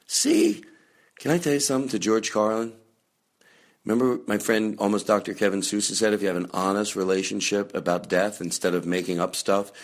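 A man hosting a comedy podcast, rambling through a chatty monologue with loud bursts of mock anger and frequent swearing. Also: lowish voice. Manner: chatty, with many fillers and restarts. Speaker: podcast host.

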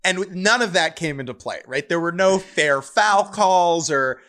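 A man's voice: high voice, animated, normal speed, sharp tone. A young man hosting a podcast, chatting casually and making dry, wry remarks. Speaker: podcast host. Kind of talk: casual chat.

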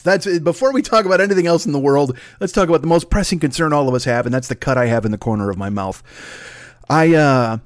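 A man's voice: fairly high pitch, no room sound, studio quality. Profane, rambling male podcast host. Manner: profane, self-mocking, rambling; talks fast, then slows down. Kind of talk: rambling comic monologue.

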